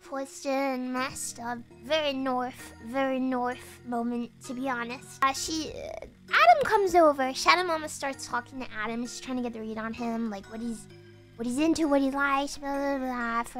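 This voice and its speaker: Woman, high-pitched, casual storytelling, animated, laughing, swearing. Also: moderate pace, soft background music. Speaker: streamer.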